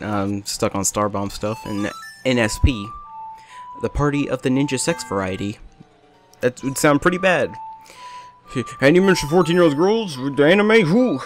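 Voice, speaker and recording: A man's voice: medium pitch, animated, moderate pace, soft background music. A young man giving rambling, jokey, self-deprecating commentary over a game at a home desk mic, hopping from topic to topic. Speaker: let's play commentator. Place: small hot bedroom with a fan running.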